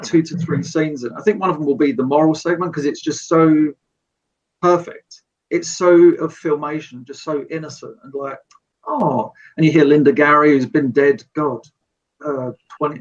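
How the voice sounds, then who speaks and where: A man chats as a podcast guest, enthusiastic and rambling, often restarting his sentences. His husky, slightly high voice sits a little away from the mic. The recording is dull and lo-fi. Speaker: guest, storyboard artist. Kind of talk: casual podcast chat. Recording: distant, dull lo-fi remote mic.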